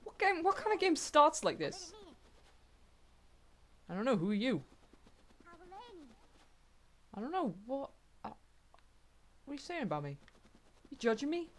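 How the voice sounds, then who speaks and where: A young woman giving casual, excitable commentary while playing a video game, swearing freely and talking back to the characters. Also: high-pitched, normal speed, pauses often. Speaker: let's play gamer.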